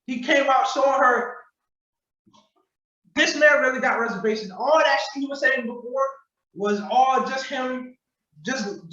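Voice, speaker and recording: Man, podcast host, high voice, animated storyteller, roomy far-off lo-fi video call sound. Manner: animated storytelling, acts out quotes, profane slang. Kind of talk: casual podcast commentary. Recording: distant echoey lo-fi video call audio.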